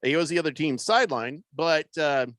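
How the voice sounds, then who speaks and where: A man hosting a casual sports talk radio show, talking in a halting way with lots of fillers and restarts. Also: on the high side, expressive, fairly bright tone, no room sound.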